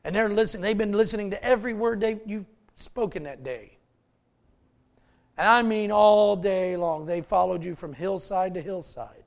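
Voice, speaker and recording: A male pastor preaching a folksy, animated sermon with asides to the congregation. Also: high voice, moderate pace, vocal fry.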